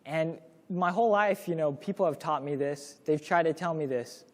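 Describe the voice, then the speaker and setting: A young man teaching a parenting course speaks to the class in a relaxed, storytelling way, dramatizing each quoted line. His voice is on the high side at a moderate pace, and a long reverb tail follows it.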